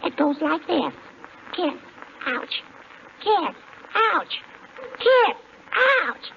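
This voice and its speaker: A woman's voice: very high-pitched, moderate pace, a bit bright. A woman playing a wisecracking little girl of three and a half in a 1940s radio comedy. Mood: cheeky. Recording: muffled 1940s radio broadcast with hiss.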